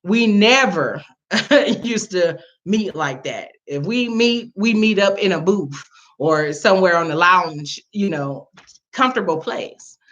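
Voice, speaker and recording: A woman, telling a personal story to viewers in a casual, animated way, laughing and jumping high in pitch when she quotes people. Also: takes it slowly. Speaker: vlogger. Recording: dull lo-fi sound.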